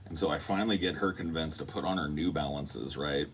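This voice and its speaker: Podcast host, male, very deep voice, animated casual storyteller who swears. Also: fairly quick, slight background noise. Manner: animated, acts out quotes, swears freely.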